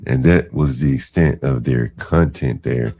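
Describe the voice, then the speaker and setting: Deep gravelly man, mocking commentary. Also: a little slow, mellow. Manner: mocking, incredulous asides with frequent fillers. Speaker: podcast host reacting to clips. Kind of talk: casual commentary.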